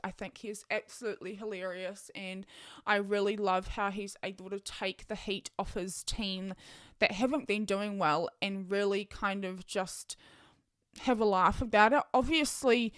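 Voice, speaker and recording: A young woman hosts her own podcast, chatting excitedly and thinking aloud with lots of ums. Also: mid-range voice, no room sound, studio quality. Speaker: podcast host. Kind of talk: casual solo podcast chat.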